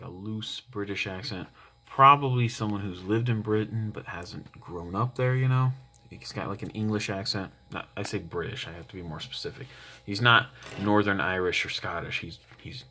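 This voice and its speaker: A man's voice: deep voice, pushed and bright, slight background noise. A man giving an opinionated, rambling monologue at home as a commentary vlogger, often wandering into asides. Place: home, roommate nearby.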